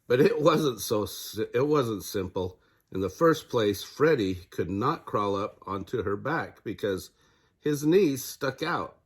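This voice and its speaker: Husky older man reading a story. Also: medium pitch, animated, takes it slowly. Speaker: grandfather reading aloud. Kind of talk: children's read-aloud narration.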